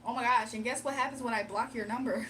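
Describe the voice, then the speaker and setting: A high-pitched woman hosts a laid-back livestream, chatting to viewers and breaking into frequent laughs. She sits a little back from the mic, and a faint hum runs underneath. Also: steady tone, quick pace, distant mic. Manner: chatty, laughs often, talks straight to chat. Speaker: livestream host. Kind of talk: casual livestream chat with viewers.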